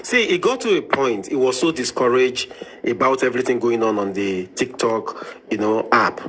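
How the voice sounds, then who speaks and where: A Nigerian man with a Yoruba accent speaks in a mid-pitched voice, sincere and pleading as he defends a friend. His tone is bright and edgy. A faint hiss runs underneath. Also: animated, moderate pace. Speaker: participant in a live audio chat. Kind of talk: earnest casual talk.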